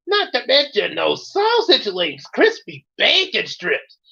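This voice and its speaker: A woman's voice: medium pitch, huge pitch swings, takes it slowly, gravelly, bright, forceful tone, voice pushed up, heavily acted. A woman voicing a hungry boy who drags out each word about food. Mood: yearning. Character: hungry whiny boy craving breakfast. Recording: dull lo-fi audio.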